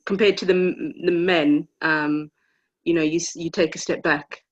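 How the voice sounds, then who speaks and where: A woman guest on a live stream, speaking hesitantly with halting restarts over a video call. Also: deep voice, steady tone. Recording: dull, lo-fi video call audio.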